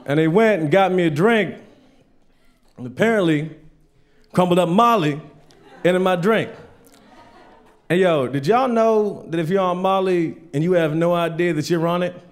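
A man's voice: high voice, normal speed, long pauses. A man doing a stand-up set in a comedy club, telling loose stories full of swearing and acting out the people in them. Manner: loose storytelling, swearing, acts out voices.

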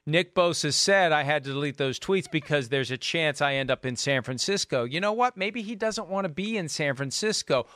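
A man hosting a sports talk show, arguing quick counterpoints and steering the conversation. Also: fairly high pitch, dry recording. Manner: quick, lively, interrupts with counterpoints. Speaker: host.

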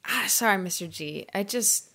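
A woman playing an overconfident, goofy male high-school student who later becomes a famous coder, in an improvised comedy sketch. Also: moderate pace, bright, forceful tone. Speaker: comedy podcast co-host.

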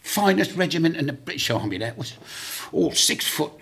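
A man voicing a boastful old ex-Guardsman in a pub who brags loudly about his regiment. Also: fairly high pitch, very animated, moderate pace, vocal fry, husky, voice pushed up, full character voice. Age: older. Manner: loud and proud, bragging.

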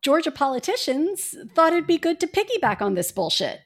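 A woman's voice: high-pitched, big pitch swings, fairly quick. A woman co-hosting a casual podcast with a faint Indiana accent, ranting sarcastically and swearing freely. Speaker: podcast co-host.

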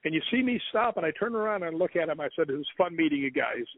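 A man with a fairly high voice tells a long, rambling ghost story as an interview guest. He acts out the other people's lines as he goes. The sound is thin and phone-like, with no room at all. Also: fast talker, no room sound. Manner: rambling, animated retelling with quoted dialogue. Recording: tinny phone line, dry.

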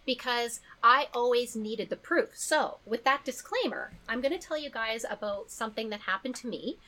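A woman's voice: a little high, normal speed, bright, forceful tone, slight background noise. A chatty woman from the prairies, a podcast guest who laughs often while telling a personal story. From Canadian prairies. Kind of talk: casual chat and storytelling.

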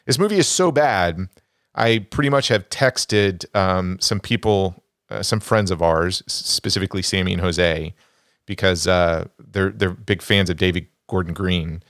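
Blunt low-voiced man ranking bad films. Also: a little slow, a bit bright, no echo, studio quality. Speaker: podcast co-host. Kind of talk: casual movie podcast chat.

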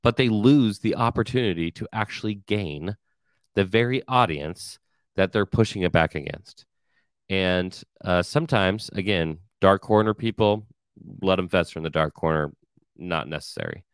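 Deep, smooth-voiced man talking casually. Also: moderate pace, no room sound. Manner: conversational, frequent fillers, blunt asides. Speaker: podcast host. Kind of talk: casual podcast monologue.

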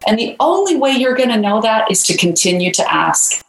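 A woman's voice: fairly high pitch, big pitch swings, a little fast, gravelly, reverberant, poor audio. A woman guest author in an interview, telling a story in a loose conversational way with many fillers.

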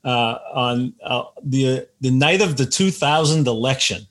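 A man's voice: medium pitch, unhurried, a bit bright. A man, an author, telling anecdotes in casual conversation and acting out the voices of the people he quotes. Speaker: author guest.

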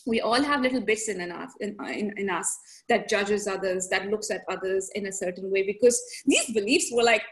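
A woman who grew up in several countries, a podcast guest telling stories in a casual, lively way, laughing often and slipping into other people's voices. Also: medium pitch, brisk. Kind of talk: casual conversational storytelling.

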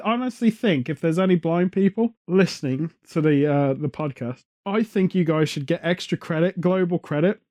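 A man hosts a podcast, chatting casually and drifting from one joke to the next. His voice sits high but sounds warm and mellow rather than sharp. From England. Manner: rambling, joking, off on tangents. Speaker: podcast host. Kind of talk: casual chat. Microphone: headphones on, studio mic.

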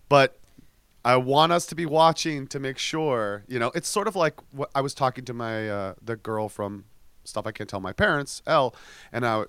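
Podcast co-host, male, lively and joking, bright tone with wide pitch swings, dry close sound. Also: no room sound. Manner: animated, jokey, swears casually. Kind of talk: casual chat.

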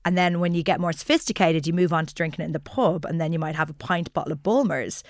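A woman's voice: sits low, quick pace, dry recording, studio quality. A woman in her forties with an Irish accent, a journalist co-hosting, chatting and describing places with self-deprecating asides. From Ireland. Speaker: journalist and podcast co-host. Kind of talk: casual conversational chat.

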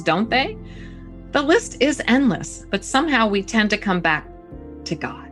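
A woman hosting a talk radio interview, asking questions and reading aloud with emphatic, expressive delivery. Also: mid-range voice. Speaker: radio host.

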